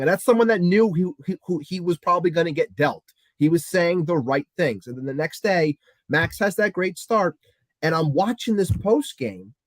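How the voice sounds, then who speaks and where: Heated New podcast co-host. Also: male voice, on the high side, no room sound. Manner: heated, exasperated, swears. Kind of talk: heated sports talk rant.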